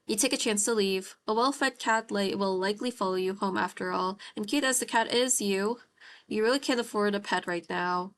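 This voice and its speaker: A woman's voice: medium pitch, moderate pace. A woman streamer reading a visual novel aloud while playing, reacting with gasps and apologies between lines.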